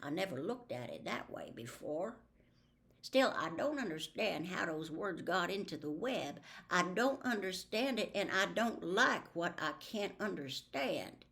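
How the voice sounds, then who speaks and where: A woman's voice: on the low side, big pitch swings, a little slow, gravelly, fairly bright tone, voice pushed up, full character voice. A worried middle-aged farm mother from a storybook, fretful and anxious, her voice rising and falling. A woman reads her.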